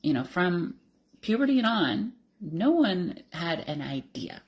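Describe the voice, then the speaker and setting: A woman's voice: on the low side, very animated, a little slow, a little mellow. A woman in her thirties telling her life story candidly and emotionally, laughing often. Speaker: interviewee. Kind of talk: personal storytelling.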